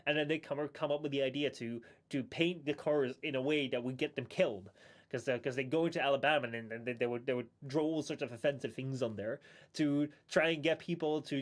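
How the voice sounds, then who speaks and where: Brief: male streamer, casual stream chat, somewhat high voice, rambles, restarts a lot, chuckles.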